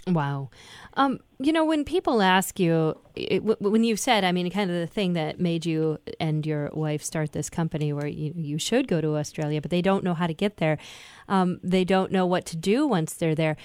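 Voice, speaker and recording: A woman's voice: fairly low pitch, normal speed, a little mellow, clear, resonant tone, no room sound. Woman hosting talk radio. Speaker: radio host. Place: radio studio.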